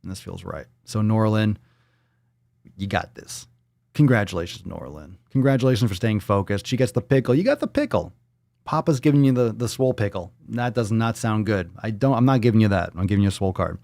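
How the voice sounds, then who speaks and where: A fitness show host with a fairly low voice talks straight into a close, dry mic. He chats casually and bluntly, swears freely and slips into silly voices when it suits him. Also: fairly quick, vocal fry, a little mellow, no echo. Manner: blunt, profane, playful, jumps into silly voices. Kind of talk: casual live-stream chat, reading viewer posts.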